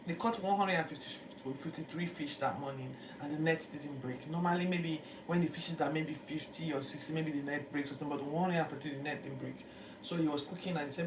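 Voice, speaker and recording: A Bible teacher, retelling scripture in a lively, chatty way with acted-out quotes. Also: mid-range voice, quick pace. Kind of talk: casual Bible-reading commentary. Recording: echoey room, distant mic, background noise.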